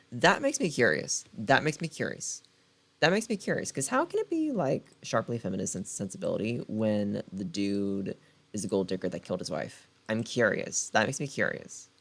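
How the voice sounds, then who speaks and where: Animated gravelly-voiced male book vlogger. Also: on the low side, moderate pace. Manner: animated, dramatic swings, repeats phrases. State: late-night, unfocused. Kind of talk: casual vlog, reading blurbs aloud.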